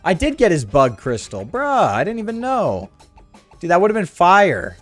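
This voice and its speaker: A young man with a sore throat giving slangy, excitable commentary while playing a video game. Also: high-pitched, measured pace, no room sound, soft background music. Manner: slangy, excitable, lots of "dude" and "bro". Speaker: gaming video host.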